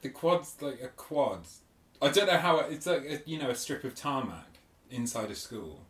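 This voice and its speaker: A man co-hosting a podcast, animated and jokey, in casual banter with friends. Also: medium pitch, moderate pace. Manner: animated, jokey, bursts into loud laughing outbursts. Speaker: podcast co-host.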